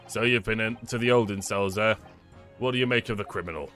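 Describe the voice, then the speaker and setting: A man's voice: fairly low pitch, brisk, fairly bright tone, soft background music, close to an everyday voice. A man voicing a smug, condescending middle-aged police inspector in a game. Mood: sardonic.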